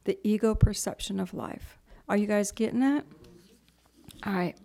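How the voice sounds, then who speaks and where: A middle-aged woman giving a spiritual talk to a group in a chatty storytelling manner, acting out other people's voices and dropping into soft whispers on key points. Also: mid-range voice, moderate pace, gravelly. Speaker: spiritual teacher.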